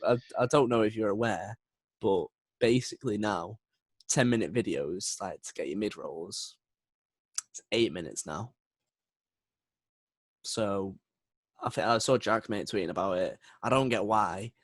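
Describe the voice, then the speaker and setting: A man's voice: on the low side, a little slow, pauses often, dry recording. A young man, co-hosting a casual podcast chat in a chatty, enthusiastic way and laughing often. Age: young adult. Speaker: podcast co-host.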